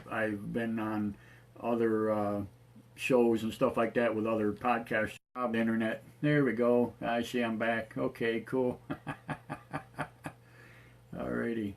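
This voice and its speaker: A man hosting a live online radio show, his voice raspy tonight, rambling with many fillers and restarts. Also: mid-range voice, flat delivery, a little slow. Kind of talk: casual live-show chat.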